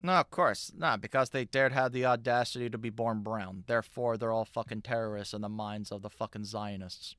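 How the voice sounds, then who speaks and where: A man's voice: on the low side, steady tone, a little fast, few pauses, fairly bright tone, no echo, studio quality. A man in his thirties hosting a live stream, chatting loosely and reacting with profane asides. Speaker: streamer host.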